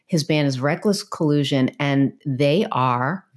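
A woman's voice: low voice, unhurried, a little mellow. A woman co-hosting a music podcast, chatting casually and gushing about songs she loves, with plenty of filler words. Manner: bubbly, gushing, many fillers. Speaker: podcast co-host. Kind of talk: casual chat.

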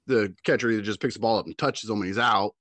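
A man co-hosting a podcast, a youth baseball coach telling a game story in casual chat, animated and acting out what people shouted. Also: lowish voice, fast, no room sound. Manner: animated storyteller who acts out shouted quotes.

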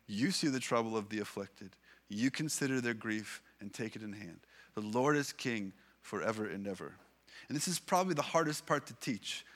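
A man preaching a sermon in an earnest way, building emphasis with repeated phrases and slowing down to read scripture aloud. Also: mid-range voice, fairly bright tone. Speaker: pastor.

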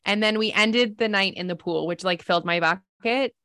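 A woman chatting casually as a co-host, relaxed and laughing along with her friend. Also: medium pitch, moderate pace. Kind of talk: casual chat.

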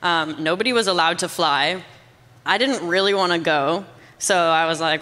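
A young adult Canadian woman, appearing as a guest, tells her story in a casual, rambling testimony chat, peppering it with "like." Her voice sits on the low side with a sharp tone and normal speed, trailed by a long reverb tail.

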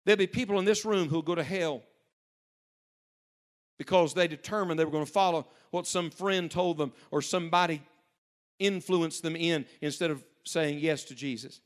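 Higher-voiced male preacher telling stories. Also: normal speed. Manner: storytelling, swings between hushed and loud urgent emphasis. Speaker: pastor. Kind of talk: sermon to young people.

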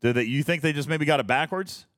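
A man's voice: fairly high pitch, quick pace, fairly bright tone, dry recording, clean studio sound. A man hosting a casual live stream, rambling, laughing often and reading chat messages aloud. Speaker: streamer host.

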